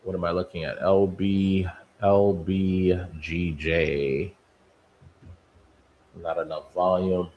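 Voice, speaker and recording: A man's voice: sits low, flat delivery, takes it slowly, long pauses, highs cut off, slight background noise. A man hosting a live day-trading stream, giving running market commentary and talking to the stocks on his watchlist as if they were people. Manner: talks to stocks like people, musing and bantering.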